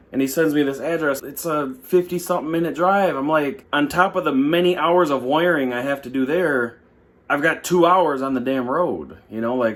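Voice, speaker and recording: A young man vlogging in a rambling, exasperated casual chat, full of fillers. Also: mid-range voice.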